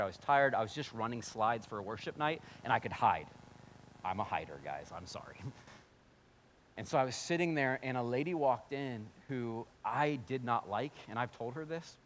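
A man preaching a sermon as pastor, telling his story in a swinging voice that drops to a hush and rises to near-yelling. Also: mid-range voice, a little hiss or hum.

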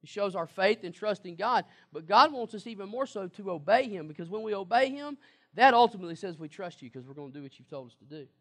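A man's voice: high-pitched, lively intonation, fast, a bit bright. A man preaching a sermon, emphatic, repeating words and asking the congregation questions. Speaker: pastor.

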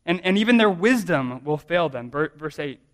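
A man's voice: fairly high pitch, expressive, moderate pace. A man in his thirties, a pastor preaching a sermon in a conversational, self-deprecating way, often restarting his sentences.

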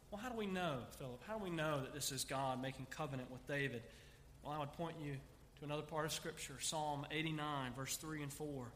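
A male pastor with a high, bright voice preaches in a church sanctuary, stressing scripture passages with rising emphasis. The sound carries a long hall reverb with a faint hum of room noise behind him. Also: a little fast. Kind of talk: sermon.

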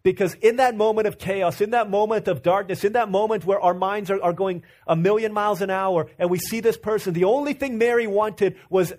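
A man in his thirties preaching a sermon, earnest and repeating himself, dropping to a soft low voice for stories. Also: brisk, hardly any pauses. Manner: earnest, repeats words and restarts, drops to a soft low voice when telling stories. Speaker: pastor.

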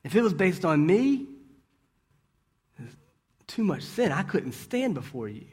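Male preacher, conversational sermon, slightly high voice, rhetorical questions and asides. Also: very animated, slow, darkish tone, breathy edge. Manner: asks rhetorical questions and checks in with "right?"; storytelling with brief restarts.

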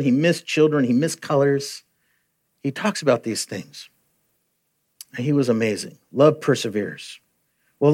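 An earnest male preacher speaks in a conversational way. His voice sits a little higher than most men's, and he often pauses with "uh" or restarts a sentence. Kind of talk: sermon.

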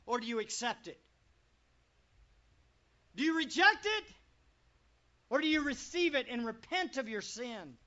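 A pastor preaching a sermon to a congregation, full of rhetorical questions and swinging between loud and quiet. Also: medium pitch, sing-song, measured pace, long pauses. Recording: dull lo-fi recording.

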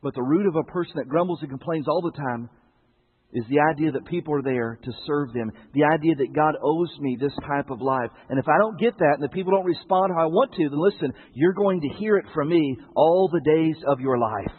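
Male preacher, high husky voice, chatty sermon delivery with rhetorical questions, tinny lo-fi broadcast sound. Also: fairly quick. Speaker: pastor.

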